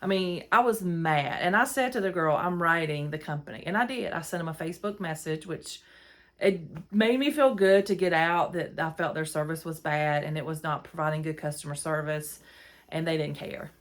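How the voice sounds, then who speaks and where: A woman's voice: low voice, moderate pace. Chatty woman telling a story. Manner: chatty, rambling, exasperated. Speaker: podcast host. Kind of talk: casual storytelling monologue. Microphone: phone.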